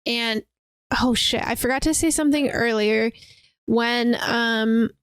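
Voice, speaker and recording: An animated woman podcast host retelling a story in casual chat, full of "like" and acted-out quotes. Her voice sits a little high. The sound is close and dry. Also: unhurried, smooth, no room sound. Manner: animated, acts out quotes, lots of "like".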